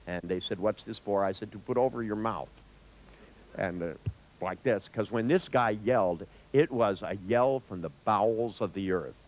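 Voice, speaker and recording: A man telling an anecdote in a lecture, acting out the voices with big jumps in pitch, swearing now and then and laughing at his own tale. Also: normal speed, rough recording. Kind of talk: storytelling in a lecture.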